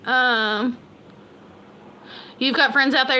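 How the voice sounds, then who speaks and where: A woman's voice: fairly high pitch, fairly even intonation, unhurried, pauses often, pushed and bright. A woman from Kentucky with an Appalachian accent, chatting casually and rambling on a livestream, laughing at herself. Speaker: homestead livestream host.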